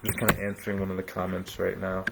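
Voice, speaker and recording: A young adult man giving a casual, energetic coaching talk on a livestream, often acting out clients in quick voices. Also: low-pitched, gravelly, heavy background noise. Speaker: business coach hosting a live training. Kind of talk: live-streamed coaching talk.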